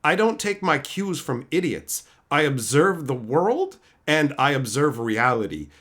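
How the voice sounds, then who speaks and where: A man's voice: on the high side, very animated, unhurried, fairly bright tone. A young man streaming live, ranting to his chat in a profane, scornful way, often mocking others in put-on voices.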